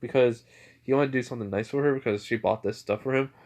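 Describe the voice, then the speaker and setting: A man's voice: mid-range voice, quick pace, darkish tone. A young man improvising a fan story, rambling and filling gaps with "basically" and "like".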